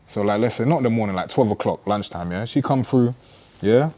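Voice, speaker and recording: Fast-talking man, low voice. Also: warm tone. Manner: laid-back slangy storytelling, tags lines with "bruv". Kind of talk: casual chat.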